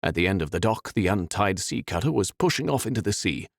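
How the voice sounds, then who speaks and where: A man reading a fantasy audiobook in an expressive, dramatic way. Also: low-pitched, fairly quick, vocal fry, dry recording, clean studio sound. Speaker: audiobook narrator. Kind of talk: scripted fantasy narration.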